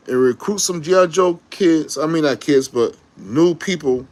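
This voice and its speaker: A man giving a casual, slangy fan rant to camera, excitable and rambling, often correcting himself mid-sentence. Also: a little high, measured pace. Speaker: YouTube commentator.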